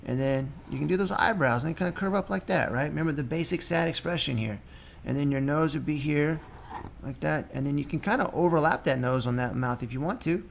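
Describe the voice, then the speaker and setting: A man's voice: a little high, vocal fry. A man teaching children to draw cartoon faces, talking casually and ad-libbing as he sketches along. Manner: relaxed, ad-libbing as he draws. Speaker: drawing teacher. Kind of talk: casual drawing tutorial.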